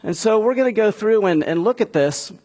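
Husky high-voiced preacher man. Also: animated, fairly quick, a little mellow. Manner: conversational preaching, rising emphatic peaks. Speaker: pastor. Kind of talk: sermon.

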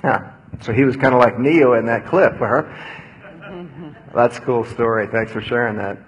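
A man preaching a sermon who tells a story with lively acted-out quotes, then answers questions from the audience. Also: mid-range voice, normal speed, highs cut off, a little hiss or hum. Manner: animated storytelling, acts out quotes loudly. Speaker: pastor.

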